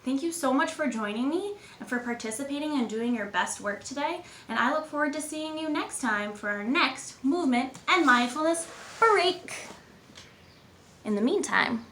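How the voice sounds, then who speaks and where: Playing the cheerful adventurer Jane, a friendly guide, a young woman instructs kids in movement and mindfulness with upbeat encouragement. Her expressive voice is high-pitched and a bit bright, at a moderate pace. The echoey room has faint ambience plus a little hiss or hum.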